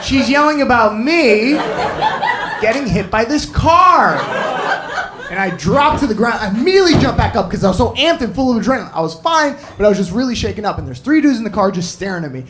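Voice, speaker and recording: Animated man doing stand-up comedy. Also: extremely high pitch, brisk, background noise. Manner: animated, bursts into screamed impressions.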